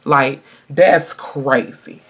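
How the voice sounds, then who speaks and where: A woman's voice: very deep voice, very slow. A woman in her twenties telling a personal story in a casual get-ready-with-me video, chatty and emphatic, talking straight to her viewers. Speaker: vlogger.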